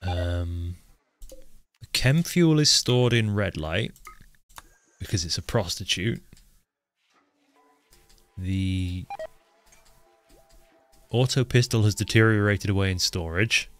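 Low-voiced man streaming a colony game. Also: slow pace, long pauses, soft background music. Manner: chatty, joking, talks to his game characters. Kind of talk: live gameplay commentary.

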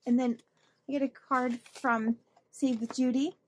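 A chatty woman with a higher, slightly husky voice, talking through her mail in a casual vlog. She gushes and laughs often, thanking people as she goes. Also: level tone, unhurried. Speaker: budgeting channel host. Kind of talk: casual chat opening mail.

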